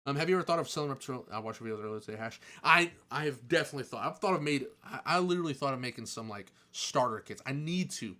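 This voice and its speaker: A man casually answering chat questions on a live stream, chatty and excitable, joking and laughing often. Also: medium pitch, very fast, few pauses.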